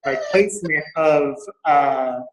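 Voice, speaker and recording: A man's voice: on the high side, slight background noise. Man explaining strategy in an echoey room. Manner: halting, explanatory. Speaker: network marketing leader. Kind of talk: co-teaching business strategy.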